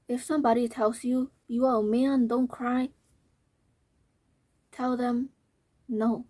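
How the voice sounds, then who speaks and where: A young woman vlogger talking to camera, earnest and emphatic, repeating her points, her voice slightly hoarse and fading. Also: sits high, no room sound. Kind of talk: talking to camera, reading out comments.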